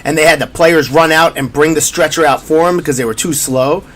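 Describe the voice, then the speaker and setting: A man's voice: a little high, a little fast, crowd noise. A man co-hosting a podcast, chatting casually about sports and acting out quotes as he tells stories. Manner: animated, storytelling with acted-out quotes. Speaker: podcast co-host.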